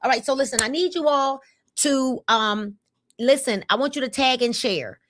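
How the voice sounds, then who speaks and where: Brief: woman, fifties, livestream host, slightly high voice, energetic and repetitive. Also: moderate pace, a little hiss or hum. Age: 50s. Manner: energetic, repetitive calls to comment. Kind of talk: casual livestream talk to viewers.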